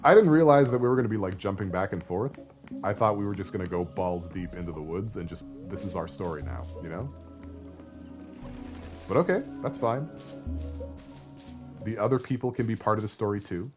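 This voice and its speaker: A man's voice: fairly low pitch, animated, fairly quick, pauses often. A young man from Canada, streaming a story game, chatting and joking with his viewers. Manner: joking and chatty, talks to chat. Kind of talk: reading a story game aloud on a live stream. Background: faint game music.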